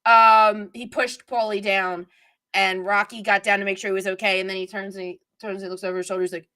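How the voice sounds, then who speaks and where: A woman's voice: medium pitch, flat delivery, brisk, sharp tone. A middle-aged woman hosting a live stream, chatting casually and digressively while reading viewer comments.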